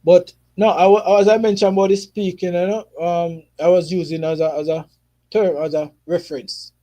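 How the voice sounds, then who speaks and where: A man's voice: high voice, little pitch movement, moderate pace, dark tone. A Jamaican man hosting a casual football livestream and chatting with viewers, mixing patois with English. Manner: patois mixed with English, frequent "you see me" tags. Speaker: football streamer. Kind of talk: casual livestream chat reading viewer comments.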